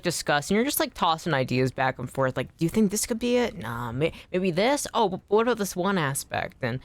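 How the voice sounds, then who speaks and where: Chatty low-voiced woman streaming a game. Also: gravelly, no room sound. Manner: chatty, rambling, swears casually. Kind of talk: casual gaming stream chat. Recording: faint background music.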